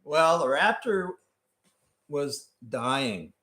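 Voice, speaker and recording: A man, the host's father, chatting on a casual livestream and telling a story deliberately. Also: on the high side, sing-song, pushed and bright.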